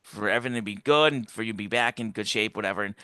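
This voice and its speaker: Guy rambling thru a personal story, bright punchy voice, dry sound, does little voices for people he quotes. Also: racing, clean tone, no room sound. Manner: rambling, acts out quoted voices with big pitch jumps. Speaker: interview guest.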